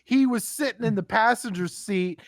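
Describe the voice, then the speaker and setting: A young man casually telling a story, animated and swearing freely, acting out what people said. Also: high-pitched, moderate pace, crowd noise. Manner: animated, swears a lot, acts out quotes. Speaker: podcast guest telling war stories.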